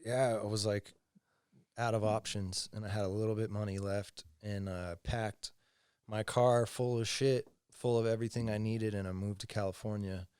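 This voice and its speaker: Candid man with a low voice. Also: steady tone, normal speed, darkish tone, clear, resonant tone, dry recording, clean studio sound. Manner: loose and candid, heavy swearing and fillers. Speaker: podcast guest, former pro snowboarder. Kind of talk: casual interview chat.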